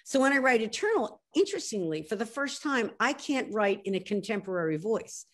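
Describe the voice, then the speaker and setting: A woman in her sixties from South Philadelphia, with a Philadelphia accent, talking as a guest author in an animated, emphatic way on a video call. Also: fairly high pitch. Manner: animated, emphatic, quick to laugh at herself. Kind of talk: casual interview chat.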